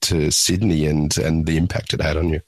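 A man interviewing, asking a question in a halting way. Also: a bass voice, flat delivery.

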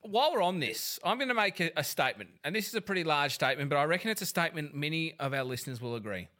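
Male co-host, bright, emphatic and jokey. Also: fairly high pitch, lively intonation, very fast. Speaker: podcast co-host. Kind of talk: casual chat.

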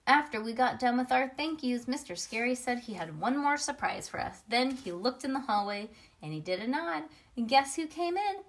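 A woman reads a children's chapter book aloud. Her delivery is lively and expressive, with the odd small slip. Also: a little high, normal speed.

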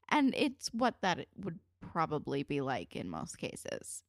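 Woman in her twenties, podcast co-host, lowish voice, lively swooping pitch, blunt and sweary, casual chat. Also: no room sound, clean studio sound. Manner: animated, blunt, swearing, lots of "like". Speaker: podcast co-host recapping a TV episode.

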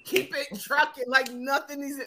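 A woman's voice: high-pitched, little pitch movement, moderate pace, background noise. A woman co-hosting a podcast, sassy and playful in casual chat. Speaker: podcast co-host.

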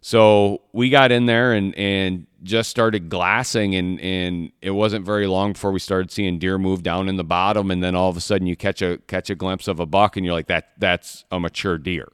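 A man's voice: sits low, fairly even intonation, moderate pace, hardly any pauses, smooth, dry recording, studio quality. A man from Michigan telling a hunting story in a casual podcast chat, rambling and restarting his sentences often. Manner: rambling, repeats words, many restarts. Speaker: podcast co-host, hunter.

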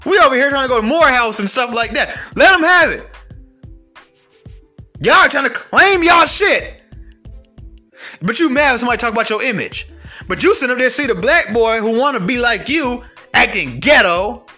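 A high-pitched man rants straight to camera in a bright, sharp voice, blunt and heavy with profanity. His delivery swoops up and down, shouting one moment and dropping low the next, with faint music playing behind him. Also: animated, moderate pace. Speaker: online commentator. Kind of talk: ranting monologue to camera.

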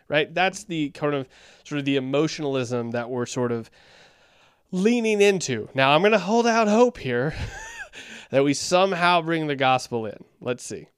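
Man, casual sermon reviewer, smooth clear voice, dry close sound. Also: fairly high pitch, animated, normal speed, no echo. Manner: critical, wry, thinks aloud, reads scripture aloud. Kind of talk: casual commentary.

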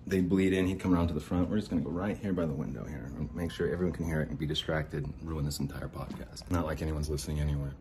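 A man hosting a podcast, ranting in exasperation, swearing and swinging between low mutters and sharp outbursts. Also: steady tone, rapid-fire, few pauses, a little hiss or hum. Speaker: podcast host. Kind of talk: angry ranting monologue. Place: home near a window.

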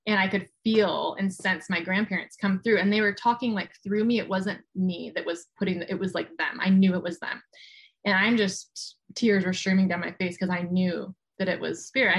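A woman in her forties talks as a guest in a relaxed, chatty way. She keeps slipping into the voices of the people in her story. Her voice sits in an ordinary middle range. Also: medium pitch. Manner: chatty, animated retelling with quoted voices. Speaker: guest, medium. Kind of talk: casual storytelling interview.

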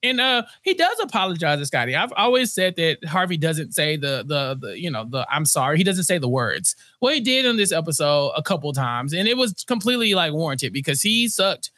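A man co-hosting a podcast, recapping a TV episode in casual, animated chat and acting out characters' lines in quick bursts. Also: on the high side, dry recording. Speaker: podcast co-host.

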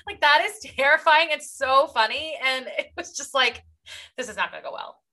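A woman co-hosting a casual book podcast, giving expressive, opinionated reactions. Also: high voice, normal speed. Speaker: podcast co-host.

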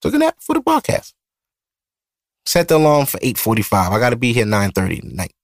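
A man in his thirties with a Brooklyn accent hosts his own podcast and talks in a loose, rambling, profane way. His voice sits in a middle pitch with a gravelly edge. The sound is dry and close, with no room around it. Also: huge pitch swings, fairly quick, no echo. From Brooklyn, New York. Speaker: podcast host. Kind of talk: casual solo podcast talk. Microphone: studio mic.

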